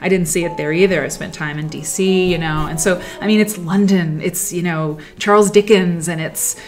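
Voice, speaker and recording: A woman's voice: fairly low pitch, fairly even intonation, moderate pace, a little mellow. A woman hosting a livestream, telling stories in a rambling, reflective way that often trails off. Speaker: livestream host. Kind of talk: casual livestream storytelling. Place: at home while sewing.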